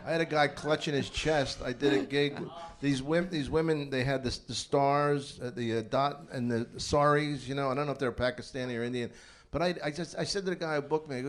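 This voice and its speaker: A man's voice: medium pitch, steady tone, fairly quick. Rambling profane man telling a story. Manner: rambling, profane, restarts often. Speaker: comedian guest. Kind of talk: casual chat.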